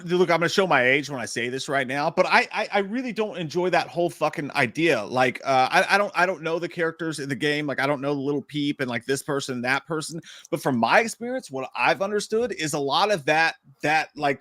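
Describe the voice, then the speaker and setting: A fairly high-voiced man rants about movies in a loose, heated, profane way, dropping now and then into mocking put-on voices. The sound is dry and close to the mic, with almost no room around it. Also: fairly bright tone, no room sound. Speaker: podcast co-host. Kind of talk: casual ranting chat.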